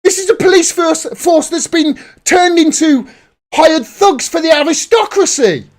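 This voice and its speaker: A man's voice: extremely high pitch, measured pace. A man hosting a live political commentary stream, ranting angrily and swearing often. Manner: angry, profane, heated ranting. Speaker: political commentator, livestream host.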